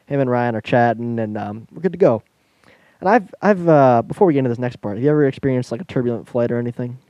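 Male podcaster, animated storyteller, warm low-key timbre, dry sound. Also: quick pace, dry recording, muffled recording. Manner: animated storyteller, laughs while telling, acts out voices. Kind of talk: casual storytelling chat.

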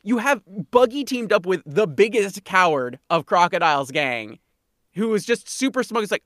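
A woman's voice: mid-range voice, sing-song, fairly quick, a bit bright, no echo, clean studio sound. A woman co-hosting a podcast in casual chat, talking emphatically and repeating herself to drive points home. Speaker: podcast co-host.

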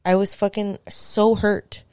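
A young woman hosting a podcast, telling a story in casual chat, animated and swearing, acting out what people said. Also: medium pitch, slow pace, smooth, dry recording, clean studio sound. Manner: animated, swearing, acts out quotes. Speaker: podcast host.

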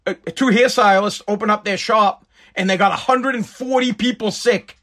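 Brief: high-pitched man for a blunt, profane, sarcastic rant to camera. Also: moderate pace, a bit bright. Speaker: commentator. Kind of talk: profane ranting commentary.

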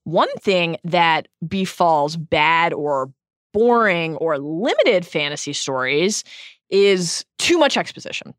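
A woman's voice: on the low side, big pitch swings, takes it slowly, no room sound, studio quality. A woman co-hosting a podcast, talking eagerly about a book in a casual discussion and laughing often. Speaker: podcast co-host.

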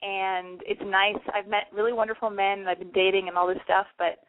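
A woman with a medium-pitched, level voice hosts a casual call-in podcast from her apartment, taking calls at a slightly fast clip. The sound is phone quality. She comes across as frantic and self-mocking, and she swears freely.

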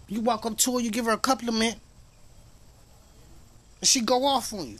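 A man's voice: very high voice, moderate pace, long pauses, a bit bright. A man hosting a podcast in a casual monologue, emphatic, profane and preachy, rambling as he goes. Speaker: podcast host.

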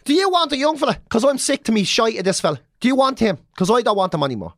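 A man's voice: extremely high pitch, very animated, quick pace, dry recording, clean studio sound, heavily acted. A man acting out his fed-up father offering to give his son away. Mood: exasperated. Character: gruff Irish dad fed up with his son.

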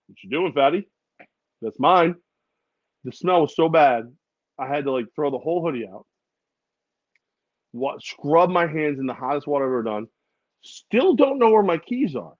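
A man co-hosting a podcast, telling funny stories in a casual, animated way and sometimes putting on voices. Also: on the high side, no echo, muffled recording. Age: adult with a daughter. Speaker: podcast co-host. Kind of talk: casual chat.

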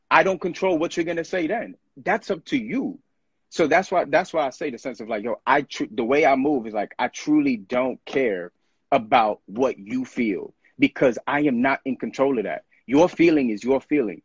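A man speaks in an earnest, reflective way, with a husky grain to his voice. The sound is dry and a little dull. He often slips into quick voices to show what other people say. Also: medium pitch, no echo. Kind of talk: casual podcast conversation.

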